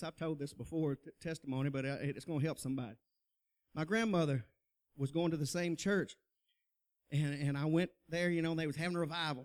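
Folksy preacher man. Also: on the high side. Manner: folksy storytelling, laughs often, calls to the crowd. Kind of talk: personal testimony, sermon style.

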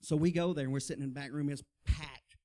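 His voice is a little high and mellow, with fairly even intonation, and he talks fast. The middle-aged man tells his testimony sermon-style, folksy in manner, often laughing and calling to the crowd.

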